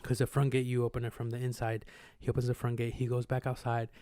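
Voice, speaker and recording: A young man tells a story in a loose, slangy way, swearing freely and acting out noises and voices as he goes. His voice sits at an ordinary middle pitch. The sound is dry and close, as if recorded on a podcast microphone. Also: quick pace, no echo. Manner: animated, slangy and profane, acts out sounds and voices. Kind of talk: casual storytelling chat.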